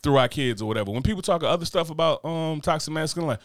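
A middle-aged man talking quickly and loosely in a casual chat. He tells his stories with energy and slips into the voices of the people he quotes. The sound is dry and close, with no room in it. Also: fairly high pitch, no room sound. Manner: animated storytelling, acts out quoted voices.

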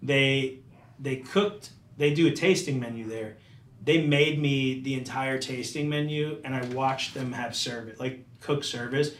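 A man of middle pitch tells his story loosely, scattering "like" fillers as a chef guest. His voice sits back from the mic in a roomy space, with faint background noise. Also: fairly even intonation, a little slow, fairly bright tone, recorded from a distance. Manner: loose, rambling, many "like" fillers. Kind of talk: casual storytelling.

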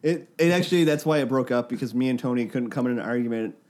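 A man's voice: mid-range voice, quick pace, darkish tone. A man chatting casually as a podcast co-host, telling stories and laughing easily. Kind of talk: casual chat.

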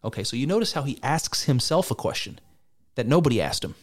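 A man's voice: medium pitch, very animated, quick pace. A man giving sarcastic, exasperated and profane reaction commentary on a debate. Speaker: political commentator.

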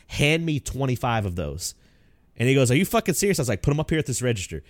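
A young man co-hosting a casual podcast, telling profane, animated stories and laughing often. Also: medium pitch, dry recording, studio quality. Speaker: podcast co-host.

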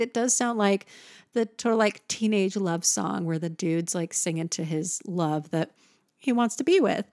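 A woman's voice: medium pitch, a little slow, darkish tone, no room sound, clean studio sound. A woman giving a casual, enthusiastic music lesson, breaking into sung examples now and then. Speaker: music teacher.

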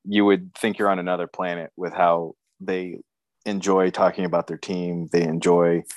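A man's voice: low voice, level tone, moderate pace, dry recording. A man co-hosting a casual sports podcast, talking in a wry, joking way.

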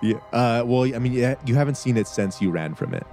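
A man's voice: mid-range voice, expressive, a little fast, warm tone, faint music behind. A man narrating as game master of a tabletop game, laid-back and laughing often.

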